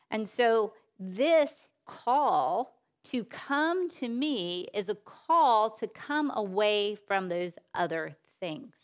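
A woman giving a sermon-style Bible talk in an earnest way, repeating phrases for emphasis, asking rhetorical questions and letting her sentences trail off softly. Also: medium pitch. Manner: unhurried, with soft trailing phrase endings. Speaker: speaker at a women's Bible teaching session.

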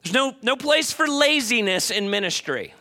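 A middle-aged man preaching a sermon as a pastor, animated, moving between loud emphasis and quiet asides and acting out voices. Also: very high voice, moderate pace. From United States.

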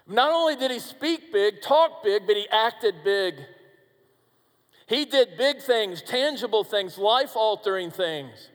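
Male preacher, kinda high voice, slow and dramatic, goes loud then hushed, big echo. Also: animated. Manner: dramatic, swings from booming to hushed; addresses listeners directly as friends. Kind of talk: sermon.

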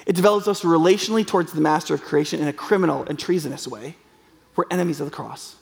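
A pastor with a high, creaky voice preaches a sermon fast, in an earnest, conversational way, often slipping into fillers and restarts. A long reverb carries his words as if through a large hall.

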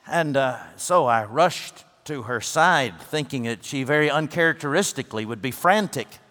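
A man preaching a sermon as a pastor, telling a story earnestly, rising to emphatic peaks and then dropping soft. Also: mid-range voice, lively intonation, moderate pace. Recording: long hall reverb.

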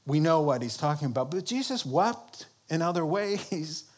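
A man preaching a sermon. He asks the congregation questions and rises into high, emphatic bursts to make his points. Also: lively intonation, normal speed, slightly rough.

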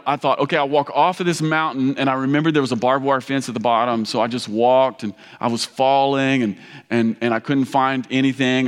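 A man from Kentucky preaching a sermon, telling a story in an animated, rambling, self-mocking way with many restarts. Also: a little high. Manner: loud. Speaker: pastor. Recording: reverberant hall.

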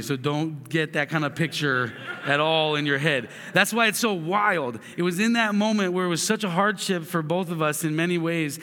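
A man's voice: a little high, moderate pace, sharp tone, long reverb tail. A man in his thirties giving a sermon, telling a family story with earnest asides and frequent restarts. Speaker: pastor.

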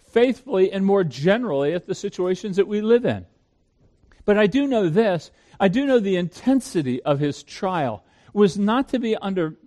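High-voiced man preaching earnestly. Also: darkish tone. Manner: earnest, repeats words when starting sentences. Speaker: pastor. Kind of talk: sermon.

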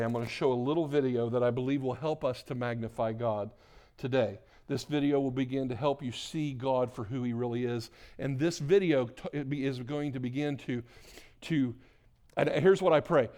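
A man preaching a church sermon as pastor. He swings between loud, emphatic exhortation and soft, hushed prayer, repeating words and restarting mid-phrase. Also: mid-range voice.

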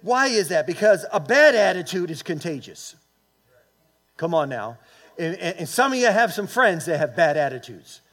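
Very animated and high-pitched, a bit bright, this pastor aged late fifties or older preaches at normal speed. He recounts a personal story and calls for the congregation's response.

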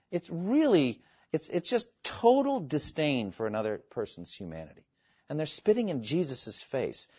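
An earnest man preaching a sermon, his pitch rising and falling in lively swings. His speech is emphatic, with quoted scripture and dramatic pauses. The recording is dry and a little dull. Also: slightly rough, no room sound.

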